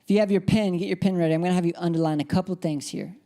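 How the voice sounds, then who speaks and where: A woman's voice: lowish voice, fairly even intonation, very fast, dark tone. A woman preacher giving an emphatic church sermon, repeating key phrases and leading the congregation in responses.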